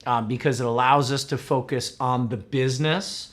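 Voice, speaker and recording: A man's voice: medium pitch, normal speed. A middle-aged man from upstate New York, hosting a casual livestream chat with lots of fillers. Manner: relaxed, chatty, frequent fillers. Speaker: host.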